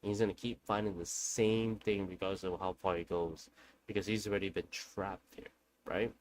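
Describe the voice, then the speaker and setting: A young man with a fairly low voice tells a family ghost story in a loose, chatty way. He rambles, backtracks and corrects himself mid-sentence. A faint hiss sits under his voice. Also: steady tone, moderate pace, poor audio. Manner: rambling, self-correcting, conversational. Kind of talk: casual spoken ghost story.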